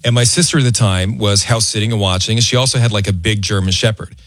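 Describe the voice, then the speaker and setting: A man hosting a radio show, telling a story in a chatty, animated way with plenty of fillers. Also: fairly low pitch, fast, no echo. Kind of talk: casual on-air storytelling.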